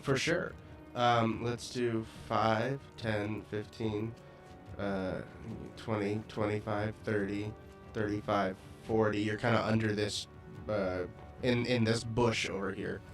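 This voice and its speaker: A young man running a tabletop game as game master, relaxed and laughing often. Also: fairly low pitch, slow pace, faint music behind.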